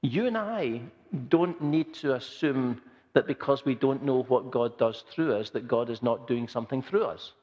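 A man's voice: medium pitch, moderate pace, darkish tone. A man preaching a sermon in an earnest, conversational way, often repeating phrases for emphasis. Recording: dull sound with long hall reverb.

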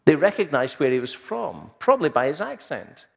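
A man's voice: a little high, sing-song, normal speed, vocal fry. A man preaching a sermon in an earnest, conversational way, often repeating phrases for emphasis. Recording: dull sound with long hall reverb.

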